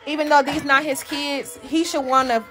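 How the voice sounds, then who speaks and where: High-voiced woman venting on a live stream. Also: steady tone, moderate pace, loud music behind the voice. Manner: emphatic, profane, repeats herself. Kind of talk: emotional venting to a live audience.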